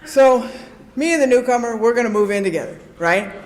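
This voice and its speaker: A woman's voice: a little high, a little fast. Woman telling a comic recovery story in a roomy hall. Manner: animated, comic storytelling with frequent "right?" asides. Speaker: recovery convention speaker. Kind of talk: personal recovery share before a live audience. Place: convention hall with a live audience.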